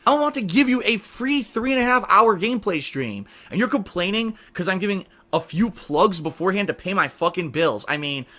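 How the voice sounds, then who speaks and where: A man's voice: high-pitched, bright, forceful tone. A man streaming a game, ranting angrily and profanely at his viewers. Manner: angry, profane, mocking.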